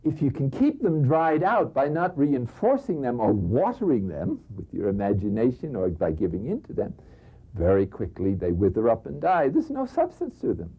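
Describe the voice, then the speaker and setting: Older priest telling lively stories. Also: male voice, mid-range voice, normal speed, breathy edge. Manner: lively storytelling, chuckles, drops to a hush for emphasis. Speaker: priest giving a spiritual conference. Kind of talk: spiritual talk with anecdotes. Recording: dull lo-fi recording.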